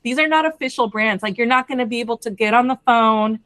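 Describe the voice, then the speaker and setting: A woman brand representative explaining a product in a lively conversational way, often checking in with the listener. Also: a little high, quick pace, no echo. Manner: animated, addresses listeners directly with frequent "okay?".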